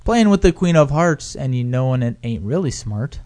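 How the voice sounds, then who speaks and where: A man runs a casual podcast, teasing his co-hosts and putting questions to them. His voice sits in a middle pitch and rises and falls freely. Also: sing-song, normal speed, a little mellow, dry recording. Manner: teasing, quizzes the others. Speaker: podcast host.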